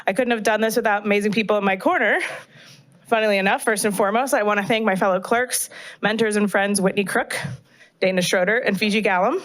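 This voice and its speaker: A woman's voice: medium pitch, fairly even intonation, fast. An American woman, a municipal clerk, giving an earnest thank-you speech at a council meeting, a little emotional. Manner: earnest, slightly emotional, clears throat.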